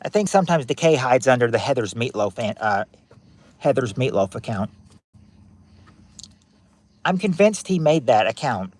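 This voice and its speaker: A man's voice: medium pitch, very animated, moderate pace, long pauses, darkish tone. A man hosting a family quiz game on a livestream, reading questions and chatting with viewers by name, often repeating himself. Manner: chatty, repeats phrases, reacts to chat names.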